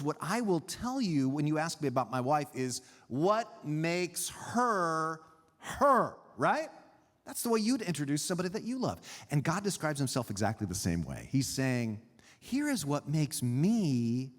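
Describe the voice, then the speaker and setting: Animated pastor in a reverberant hall. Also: male voice, fairly high pitch. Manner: animated, teaching with pauses and emphasis. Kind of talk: sermon. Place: church sanctuary.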